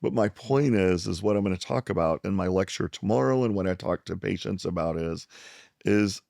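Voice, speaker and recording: Middle-aged man from South Texas, deep gravelly voice, lively storyteller, dry close sound. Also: brisk, dry recording. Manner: animated storyteller who acts out the people he quotes. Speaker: psychiatrist guest. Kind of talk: storytelling in a conversation.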